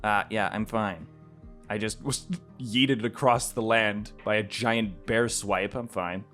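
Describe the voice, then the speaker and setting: Man doing a breezy, joking little bird in a storybook game, lowish voice. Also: fairly even intonation, slow pace, fairly bright tone, faint music behind. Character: small cheerful bird boy.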